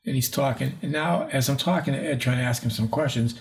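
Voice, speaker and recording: A man's voice: medium pitch, quick pace. Older man telling a rambling story. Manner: rambling, acts out quoted voices. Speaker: paranormal investigator guest. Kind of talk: storytelling in an interview.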